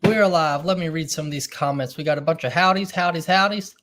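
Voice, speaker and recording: A man with a drawl hosts a homestead livestream from his kitchen, picked up close on a phone or camera. He talks in a loose, chatty way and reads viewer comments aloud. At times he drops his voice to keep things quiet. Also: a little high, fast talker. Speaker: livestream host. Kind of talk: casual live-stream chat.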